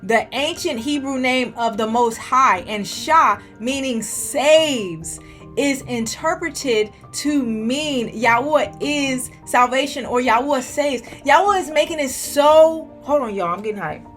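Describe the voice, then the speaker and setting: A woman's voice: a little high, slow pace, fairly bright tone, faint music behind. A woman vlogger giving a preachy bible study talk, often checking in with "okay?". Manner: preachy, keeps asking "okay?".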